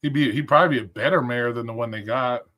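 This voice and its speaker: Male streamer, mid-pitched, rambling and profane, casual rant energy. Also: fast talker, fairly bright tone. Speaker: livestream host. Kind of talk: casual livestream commentary.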